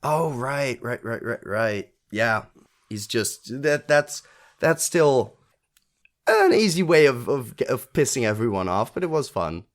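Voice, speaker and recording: Very animated yet unhurried, a man with a medium-pitched voice co-hosts a podcast, casually reviewing a TV episode. He thinks out loud with lots of fillers and frequent restarts.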